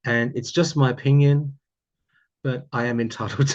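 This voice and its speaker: A man's voice: mid-range voice, fairly even intonation, unhurried, dull audio. An Australian man chatting casually to camera, rambling with many fillers and restarts. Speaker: tarot YouTuber.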